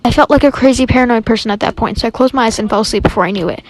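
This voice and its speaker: A young woman narrating a storytime fast, chatty and dramatic, acting out the quoted lines. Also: on the high side.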